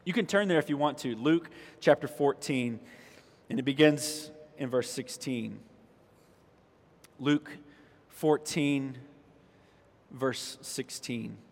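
A man's voice: medium pitch, takes it slowly, pauses often. A man, the pastor, preaching a conversational sermon and reading scripture, pushing his voice up for emphasis. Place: church sanctuary. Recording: long reverb of a church hall.

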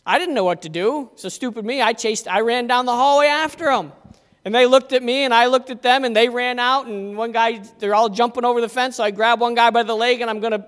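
A man's voice: extremely high pitch, steady tone, fairly quick, fairly bright tone. A man preaching a conversational sermon as pastor, telling stories in a folksy way. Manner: folksy storytelling. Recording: long hall reverb.

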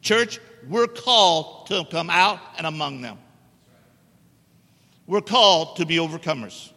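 Bright-voiced preacher in an echoey church. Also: male voice, fairly high pitch, animated, a little slow, creaky. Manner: emphatic, joking with the congregation. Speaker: guest preacher. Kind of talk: sermon. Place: church sanctuary. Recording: echoey church hall reverb.

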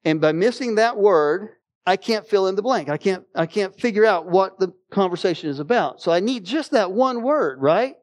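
A middle-aged pastor delivers a sermon in a church, his fairly high voice carrying a personal story. He talks animatedly, climbing into loud exclamations, then sinking low and quiet. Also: lively intonation, moderate pace. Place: church sanctuary.

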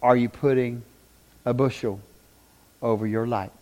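Speaking at medium pitch and without hurry, a man delivers a sermon on a muffled recording. He tells stories with lively energy, voices the people he quotes, trades jokes with the congregation, and ends in prayer.

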